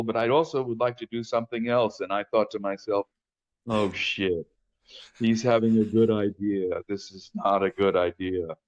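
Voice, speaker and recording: A man's voice: lowish voice, dull audio. An older man speaking as a casting director guest in an interview, telling frank stories with frequent hesitations and restarts. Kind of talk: interview conversation.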